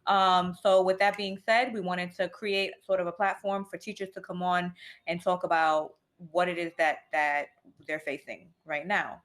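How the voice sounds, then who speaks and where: A woman's voice: on the low side, steady tone, moderate pace, fairly bright tone. A woman co-hosting a casual podcast over a video call, upbeat and loose, with many fillers. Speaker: podcast co-host.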